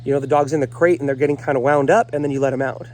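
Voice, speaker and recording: A man's voice: medium pitch, fairly even intonation, very fast, darkish tone, slight background noise. A man working as a dog trainer, talking casually to camera outdoors in the morning, earnest and addressing viewers directly as folks while rattling off lists.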